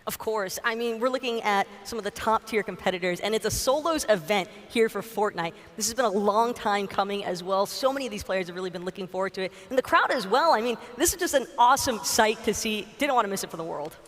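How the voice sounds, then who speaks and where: Brisk, enthusiastic male analyst. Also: sits high, lively intonation, a bit bright. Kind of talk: live broadcast commentary.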